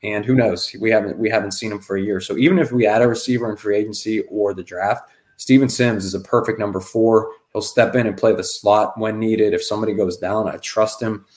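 A man with a slightly low voice talking sports on a casual podcast. He hands out betting picks with breezy confidence, one after another. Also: steady tone, fairly quick, a little mellow. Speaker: podcast co-host.

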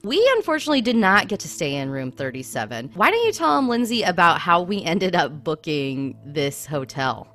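A woman's voice: fairly low pitch, a little fast, hardly any pauses, soft background music. A woman co-hosting a casual chat, telling a spooky travel story with lots of "I mean" and "like". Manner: animated, lots of fillers like "I mean". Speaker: podcast co-host.

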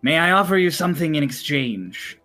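A man's voice: fairly high pitch, very animated, moderate pace, pushed and bright, faint music behind, voice pushed up. A man voicing a solemn fish-folk leader who speaks in a stiff, ceremonial way during a tabletop game. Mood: formal.

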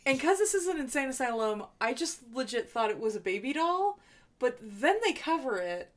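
A woman's voice: high voice, big pitch swings, normal speed. A woman co-hosting a podcast, chatting about a movie with sarcastic jokes. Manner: sarcastic, joking. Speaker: podcast co-host. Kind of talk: casual movie recap chat.

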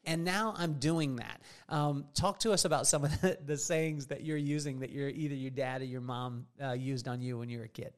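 A man's voice: on the high side, a little fast, hardly any pauses. A middle-aged man hosting a podcast in casual chat, telling jokey stories and laughing often. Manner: joking storyteller, laughs often. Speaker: podcast host.

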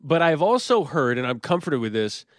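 A man co-hosting a sports podcast, telling stories in a relaxed, joking way. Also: fairly high pitch, normal speed, no echo, clean studio sound. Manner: storytelling, self-deprecating humor. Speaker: podcast co-host. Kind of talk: casual sports chat.

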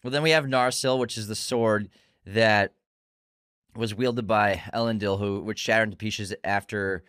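A man's voice: lowish voice, steady tone, normal speed, fairly bright tone, smooth, no echo, studio quality. A man co-hosting a movie podcast, chatting casually and quizzing his co-host. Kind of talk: casual chat, quiz questions.

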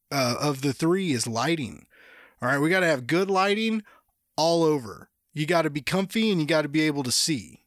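A man's voice: on the high side, a bit bright, no echo, clean studio sound. A young man hosting his own podcast, telling rambling, profane, jokey stories in casual chat. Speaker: podcast host.

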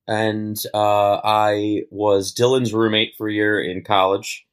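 A young man with a Baltimore accent talks as a podcast guest in a loose, rambling way and laughs easily. His voice sits fairly low. He sounds relaxed and chatty. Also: takes it slowly, smooth. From Baltimore, Maryland. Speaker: guest meteorologist. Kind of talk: casual podcast chat.

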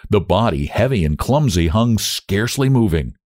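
A man reading a story aloud as narrator, in an expressive, dramatic manner. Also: lowish voice, normal speed, no room sound, clean studio sound. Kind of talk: scripted narration.

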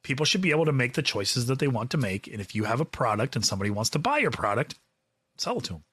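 Bright-voiced guy on a podcast, argues and laughs a lot, voice jumps around. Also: mid-range voice, sing-song, quick pace, breathy edge. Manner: laughing, argumentative. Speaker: podcast co-host. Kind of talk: casual podcast banter.

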